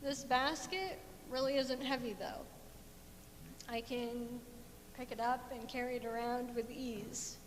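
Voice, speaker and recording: A woman giving a heartfelt personal testimony in a church, speaking earnestly into a microphone. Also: steady tone. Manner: slow, earnest and heartfelt, rising in fervor. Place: church sanctuary. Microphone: handheld microphone. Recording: echoey church hall with faint rumble.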